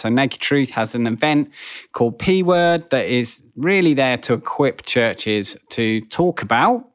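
A man's voice: medium pitch, fairly bright tone. Man hosting a casual podcast. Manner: chatty, introduces segments. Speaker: podcast host.

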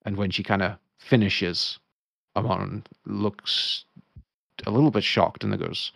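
A man narrating as game master of a tabletop game, talking quickly and casually with many fillers. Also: fairly low pitch, steady tone, creaky, fairly bright tone, dry recording, clean studio sound.

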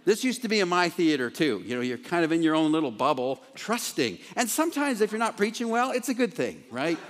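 A man preaching a sermon as pastor in an animated way, with joking asides and laughs at himself. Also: fairly high pitch, fairly quick. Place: large church hall, former theater. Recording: echoey hall.

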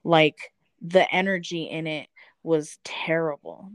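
A woman's voice: sits low, fairly even intonation, slow pace, no room sound. Woman laughing through a story, dry sound. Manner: laughs often and swears freely while telling the story. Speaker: guest telling a personal story. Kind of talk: casual chat.

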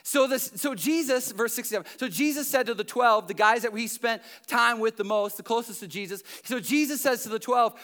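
Bright high-voiced male preacher. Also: a little fast, hardly any pauses. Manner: animated preaching, swings from loud emphatic lines to near-whisper; conversational asides with the congregation. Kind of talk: sermon.

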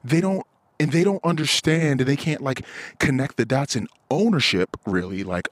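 A man's voice: medium pitch, animated, moderate pace, no room sound. A man hosting a podcast, venting in a blunt, profane, frustrated casual monologue. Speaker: podcast host.

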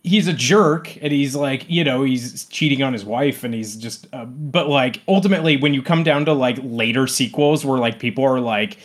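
A man's voice: mid-range voice, moderate pace, few pauses. A man talking casually as a podcast guest, rambling with many fillers. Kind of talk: casual chat.

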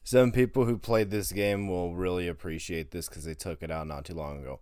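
A man's voice: low voice, fairly even intonation, fairly quick, a little mellow, smooth, dry recording, clean studio sound. A man guest making joking asides in casual banter.

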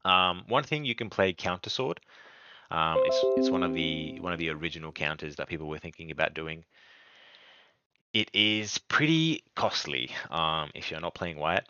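A man with a low, forceful voice talks casually as a podcast host, stumbling through ums and restarts as he explains his strategy. The recording is dull and lo-fi, with a dry, close sound. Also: expressive, moderate pace, clean tone. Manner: rambling, many ums and restarts. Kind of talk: casual card game strategy talk.

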